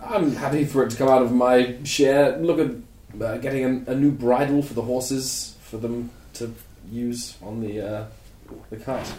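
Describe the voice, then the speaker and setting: A man's voice: medium pitch, fairly even intonation, unhurried, mellow, reverberant, slight background noise. A man playing in a casual tabletop role-play session, hesitant and stumbling over his words. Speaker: player.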